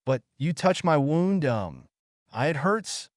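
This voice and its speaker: A man's voice: fairly high pitch, sing-song, slow pace, no room sound, studio quality, voice pushed up. A man putting on a coy, teasing young woman. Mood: pleading.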